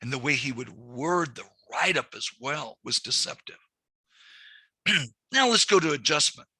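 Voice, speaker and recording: A man's voice: mid-range voice, expressive, a little slow, creaky, sharp tone, husky, no echo. A middle-aged man teaching commercial lending, lecturing in a conversational way with frequent restarts. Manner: conversational, repeats words and restarts. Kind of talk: classroom lecture with anecdotes.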